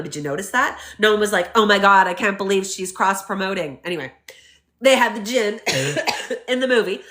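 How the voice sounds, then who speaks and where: Animated bright-voiced woman vlogger. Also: medium pitch. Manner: animated, mimics quoted people, emphatic. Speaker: commentary vlogger. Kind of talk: opinionated casual commentary.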